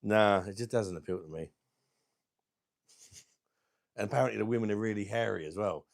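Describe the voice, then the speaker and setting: Blunt low-voiced man. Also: moderate pace, creaky, no echo, clean studio sound. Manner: blunt, crude, laughs at his own jokes. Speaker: live stream host. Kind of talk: casual live chat reading viewer comments.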